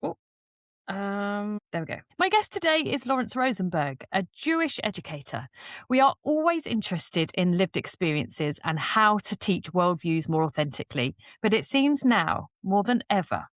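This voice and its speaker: A woman's voice: mid-range voice, big pitch swings, moderate pace, no echo, studio quality. A woman hosting a podcast, playful and teasing as she chats with her guest. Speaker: podcast host. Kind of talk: podcast interview.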